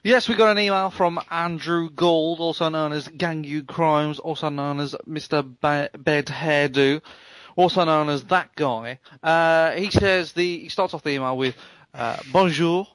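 A man's voice: fairly high pitch, unhurried, a bit bright, no echo. A man co-hosting a gaming podcast, reading out a listener's email with wry asides. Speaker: podcast co-host.

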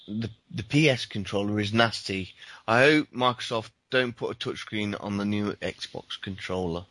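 A man's voice: fairly low pitch, normal speed, fairly bright tone, dry recording. A man co-hosting a gaming podcast, reading listener tweets aloud. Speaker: podcast co-host.

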